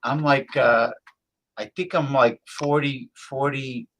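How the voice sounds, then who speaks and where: A man hosting a long livestream, talking casually and haltingly with repeated words. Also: medium pitch, steady tone, fairly bright tone, rough recording. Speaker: livestream host.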